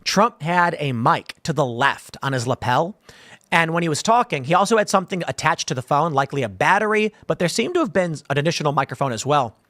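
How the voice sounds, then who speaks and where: A man's voice: a little high, expressive, fairly quick, a bit bright, dry recording, clean studio sound. A man, giving opinionated news commentary with combative, sarcastic asides.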